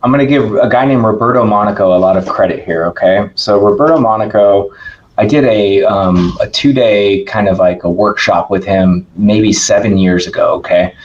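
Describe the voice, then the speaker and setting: An emphatic man speaks in a low voice as a podcast guest. He keeps it casual and energetic and often checks in with "right?". The audio is dull and lo-fi, like a remote call. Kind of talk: casual interview conversation.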